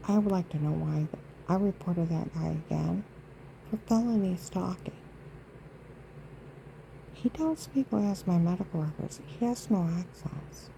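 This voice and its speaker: A woman rambles through an indignant, aggrieved monologue for her vlog, emphatic and full of asides. Her voice sits low and dark, with a gravelly rasp, and a faint hiss runs underneath. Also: poor audio. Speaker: vlogger.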